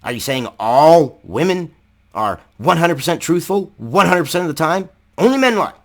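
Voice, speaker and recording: Man, angry rant, profane, fairly high voice, wildly swinging pitch, shouting at times. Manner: rhetorical questions. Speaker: political commentary vlogger. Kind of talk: angry ranting commentary.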